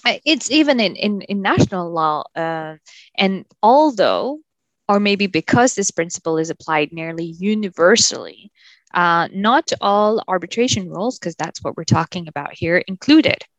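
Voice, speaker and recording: A woman co-hosts a casual legal podcast, walking her co-hosts through a point of law with a playful, teasing edge. Her voice sits at a middle pitch. The sound is dry and close, with no room around it. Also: animated, moderate pace, dry recording, highs cut off. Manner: playful, teasing while explaining. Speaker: podcast co-host.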